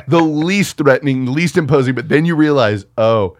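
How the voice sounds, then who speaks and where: An American man talks films in a loose, profane, animated way. His voice sits at an ordinary pitch. The recording is dry and close. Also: moderate pace, dry recording. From United States. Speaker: podcast co-host. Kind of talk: casual film discussion.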